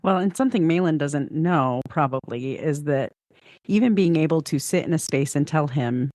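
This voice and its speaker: A woman's voice: low-pitched, moderate pace, darkish tone, no echo. Reflective middle-aged woman, dry sound. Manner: reflective, storytelling, frequent hedging. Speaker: podcast guest. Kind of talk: casual conversation.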